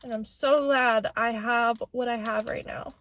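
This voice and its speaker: A young woman talks straight to camera in a casual vlog, her voice sitting a little on the high side. She rambles in a chatty, heartfelt way, full of filler words. A faint hum of noise runs underneath. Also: fairly even intonation, measured pace, a bit bright. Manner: chatty, filler-heavy, candid and sentimental. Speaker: vlogger.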